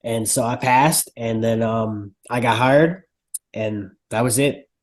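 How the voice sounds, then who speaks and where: A man speaks as a guest on a podcast, recounting how he got into the fire service. He talks easily and casually, using lots of filler words, in a mid-pitched voice. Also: slow. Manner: relaxed, loose, uses filler words. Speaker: firefighter guest. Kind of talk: casual interview.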